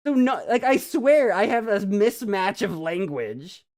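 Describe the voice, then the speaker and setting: A man's voice: high voice, animated, a little slow, a little mellow. American guy rambling on his stream, very bouncy voice, keeps laughing and reading chat. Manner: rambling, giggly, reads viewer comments aloud. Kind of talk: casual live-stream chat.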